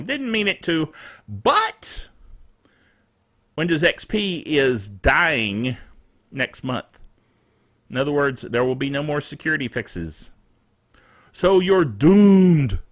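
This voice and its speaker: A man hosting a casual tech news show, reading the week's stories with jokey asides and chuckling at himself. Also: a little high. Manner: animated, jokey, chuckles at his own asides.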